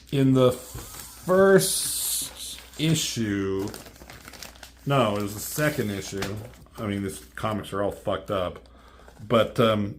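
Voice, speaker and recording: A man casually recapping a comic book story, rambling and profane, with lots of ums and restarts. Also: fairly low pitch.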